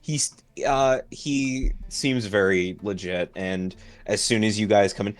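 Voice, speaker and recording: A man running a tabletop game as game master, describing scenes with frequent pauses and fillers. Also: on the low side, soft background music. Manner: halting, filler-heavy description.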